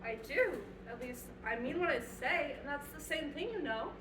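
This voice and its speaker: A prim, indignant young girl, played by a schoolgirl on a school stage, correcting everyone in a very high voice. The sound is distant and roomy, with steady noise behind. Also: moderate pace. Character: polite but indignant young girl Alice. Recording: roomy stage audio from far off, background noise.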